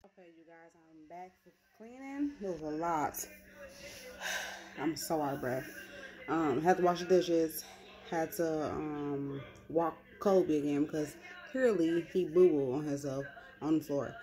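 Young woman, casual vlog chatter, slightly low voice, animated storytelling. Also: unhurried. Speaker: vlogger.

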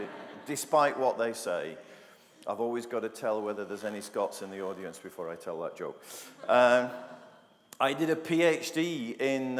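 A middle-aged man from England gives a conference talk at a medium pitch, mixing wry jokes with questions put to the audience. His words ring out into the long reverb of a large university lecture hall. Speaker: conference speaker.

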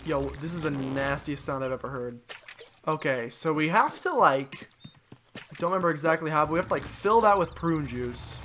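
A young man giving casual, jokey let's play commentary, excitable and talking to the game figures. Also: fairly high pitch, moderate pace, slight background noise. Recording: voice over loud game music. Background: game music.

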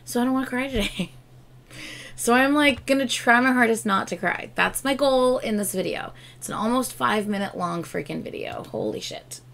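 A woman's voice: a little high, moderate pace, gravelly, fairly bright tone. A tired woman hosting a reaction video, talking casually, swearing freely and singing along.

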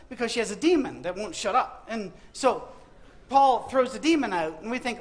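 A man's voice: sits high, moderate pace. A middle-aged man preaching a humorous sermon, telling Bible stories with comic asides and acting out the quotes. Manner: animated storytelling with comic asides and acted-out quotes. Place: university auditorium.

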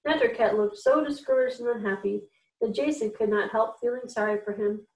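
Woman reading aloud, children's story, steady, echoey room, set back from the mic. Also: medium pitch, normal speed, distant mic, muffled recording. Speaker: reader for a children's program.

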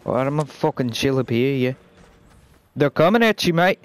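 A man's voice: mid-range voice, expressive, fairly quick, clean tone. A man chatting brashly with random teammates while gaming, swearing constantly and putting on an exaggerated British accent. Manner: exaggerated put-on British accent, calling people mate and wanker. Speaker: gamer playing with random teammates. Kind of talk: profane gaming banter over voice chat.

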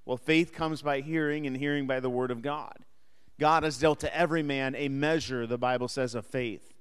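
A man's voice: medium pitch, steady tone, moderate pace, clear, resonant tone, big-room sound. A man teaching an adult Sunday school class, speaking conversationally, asking the class questions and joking lightly with them. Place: church classroom or hall.

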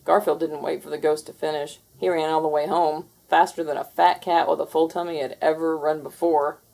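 A woman narrating a children's storybook read-aloud in an expressive way. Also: sits low, fairly quick, gravelly.

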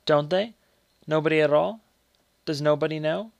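A man's voice: normal speed, creaky, dry recording, highs cut off. Man doing Paul, a curious young boy. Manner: eager, high-pitched child's questions. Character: young boy, earnest and questioning.

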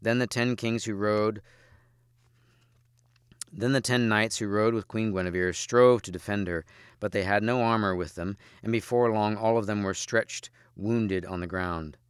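A man, a teacher, reading a storybook aloud in steady, measured audiobook narration. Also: on the low side, clean tone, no room sound, studio quality.

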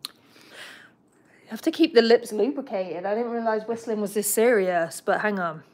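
A woman's voice: mid-range voice, a little slow, a little mellow. A young woman hosting a casual livestream about her pet bird, chatting and giggling as she talks to the bird and the viewers. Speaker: pet bird channel host.

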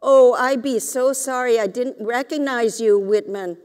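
Brief: woman voicing doting old aunt, broken English, slow, hall echo. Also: a little high, darkish tone, close to an everyday voice. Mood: apologetic. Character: fussy older aunt at mahjong. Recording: reverberant lecture hall.

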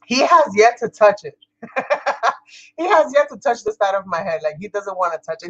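A woman's voice: medium pitch, lively intonation, moderate pace, long pauses, fairly bright tone, muffled recording. Chatty New woman crafting vlogger. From New York. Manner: chatty, laughs often, talks to viewers as "you guys". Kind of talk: casual chat while crafting.

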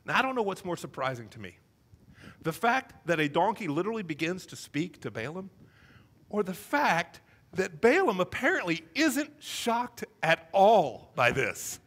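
A male pastor preaching a sermon, telling the story with animated, comic acted-out voices. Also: sits high, moderate pace.

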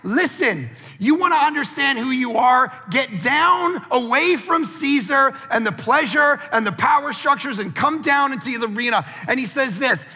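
A man in his forties, a pastor preaching a sermon, who tells a lively family story and acts out the voices in it. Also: extremely high pitch, normal speed, few pauses, big-room sound, soft background music.

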